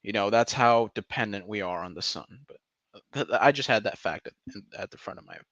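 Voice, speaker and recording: A man's voice: lowish voice, expressive, fast talker, a bit bright, no room sound, muffled recording. A young man streaming in a casual, rambling chat, joking and swearing, often tripping over his words. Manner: rambling, profane, jokey, with frequent stumbles and laughs.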